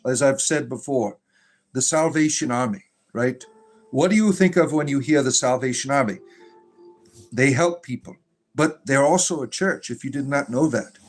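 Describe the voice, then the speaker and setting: A man casually livestreaming, reading viewer comments aloud and rambling, with many fillers, restarts and dry, dismissive asides. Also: medium pitch. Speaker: livestreamer and spiritual entertainer.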